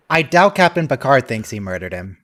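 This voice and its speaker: A man in a relaxed group chat, cracking jokes and mimicking lines in a mock voice. His pitch sits in a middle register. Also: normal speed. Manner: joking, acts out characters' lines mockingly. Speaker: watch-along participant. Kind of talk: casual chat over a voice call.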